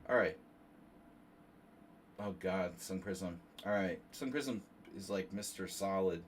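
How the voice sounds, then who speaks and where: Low-pitched, slow, and nasal, this man's voice is recorded from a distance with a little hiss or hum. He hosts a tournament on a casual chess livestream, commenting as he plays, rambling and joking with chat between moves, and making self-deprecating asides.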